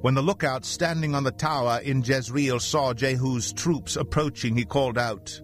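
A man narrating a scripture passage in a steady, even reading voice. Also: mid-range voice, moderate pace, soft background music.

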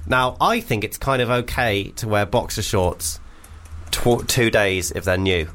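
A man's voice: lowish voice, animated, unhurried, a bit bright. A man hosting a radio show, joking and bantering with his co-host. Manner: playful, laughing, joking.

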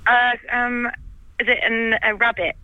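A woman's voice: on the high side, flat delivery, a little slow. A woman calling in to a radio show, giggling and guessing playfully over the phone. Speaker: caller. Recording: dry tinny phone line.

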